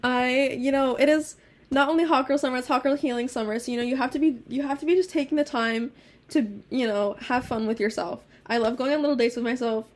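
A woman's voice: high voice, fast talker. Giggly, swearing young woman podcaster. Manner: giggly, swears a lot, animated storytelling. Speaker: podcast co-host. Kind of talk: casual chat.

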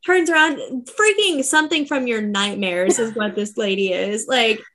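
A young woman co-hosting a podcast, retelling a novel's plot in casual, slangy chat with quick voices for the characters. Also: fairly high pitch. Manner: animated, slangy storytelling with quick character asides. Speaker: podcast co-host. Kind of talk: casual book recap chat.

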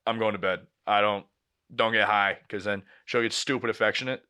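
Bright-voiced young man telling a story. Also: lowish voice, a little fast, clean tone. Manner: animated storyteller, swears a lot, acts out quotes. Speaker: podcast co-host. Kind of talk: casual chat, storytelling.

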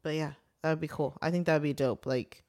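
A podcast co-host chatting casually, reacting quickly with plenty of swearing. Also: mid-range voice. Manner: relaxed, profane, quick reactions. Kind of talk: casual chat.

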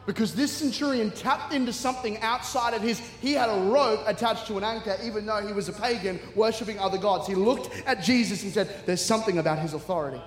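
A man's voice: high voice, fast talker, hardly any pauses. A middle-aged man preaching a humorous sermon, acting out the voices in his stories. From Australia. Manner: animated storytelling, acting out voices. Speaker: guest preacher. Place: large church hall. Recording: echoey hall, long reverb.

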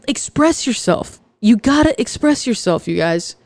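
A woman hosting her own podcast, talking earnestly and confessionally, with frequent pauses and fillers. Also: fairly high pitch, lively intonation, a little mellow, no room sound. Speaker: podcast host. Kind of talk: candid personal podcast monologue.

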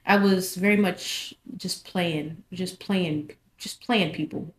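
A young woman casually telling her personal testimony, animated and repeating phrases for emphasis. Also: lowish voice, takes it slowly. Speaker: vlogger sharing her testimony. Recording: echoey room.

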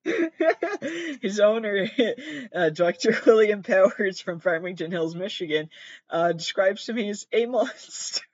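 Riffing solo on strange news items, this man runs his own podcast in a loose, foul-mouthed, self-deprecating style. He has a high voice with lively intonation and a slightly slow pace. There's no echo, but the highs are cut off.

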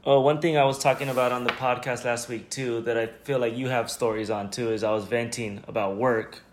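A man co-hosting a podcast in loose, casual talk at a middle pitch. He teases his co-host and swears without a second thought. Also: fairly even intonation, brisk, reverberant, slight background noise. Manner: teasing, swears freely. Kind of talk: casual chat.

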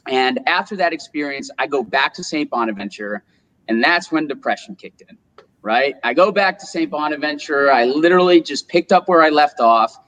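A young man in his twenties from upstate New York, a little higher-pitched than most men. He tells his story as a guest in a casual, animated way. He acts out the quotes as he goes. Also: poor audio. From Rochester, New York, US. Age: 20s. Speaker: guest, solar business owner.

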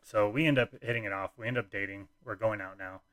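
A man's voice: fairly low pitch, fairly even intonation, quick pace, fairly bright tone, no echo. A young man casually telling a personal story, rambling with lots of fillers and restarts.

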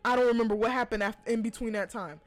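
A woman's voice: fairly high pitch, fairly even intonation, fast, soft background music. A woman hosting a podcast, telling a personal story in a casual, profane way and laughing between lines. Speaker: podcast host.

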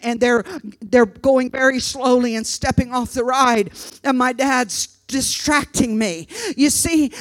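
A woman preaching a sermon, telling a story dramatically and breaking into loud, shouted exhortations. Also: on the high side, rough recording.

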